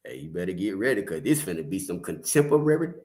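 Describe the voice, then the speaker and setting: A man's voice: low voice, sing-song, fast, very noisy. A man with a Detroit accent giving casual, slangy commentary on a true crime case, with laughing asides.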